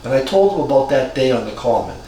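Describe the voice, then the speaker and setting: A man in his sixties from Cambridge, Massachusetts, telling a personal story in a reflective, halting way with frequent restarts. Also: medium pitch, very animated, dark tone. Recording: very echoey room from far off, faint noise.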